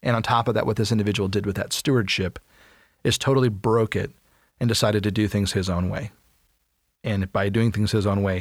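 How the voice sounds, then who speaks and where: A man's voice: fairly low pitch, fairly even intonation, brisk, no echo, studio quality. A man co-hosting a casual podcast about a Bible story, joking and laughing often and repeating words for effect. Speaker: podcast co-host.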